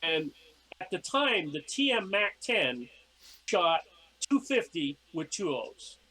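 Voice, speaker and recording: As a guest on a podcast, a man with a fairly high voice tells casual stories at a slow pace. He's animated, acting out the lines he once said, and the audio quality is poor.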